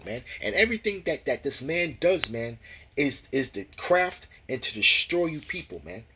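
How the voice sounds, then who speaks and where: A man teaching from scripture, reading verses slowly and breaking in with commentary full of restarts and "man, you know?" tags. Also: mid-range voice, very animated, pushed and bright, slight background noise, low-quality recording. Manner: reads scripture slowly and deliberately. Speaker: religious teacher.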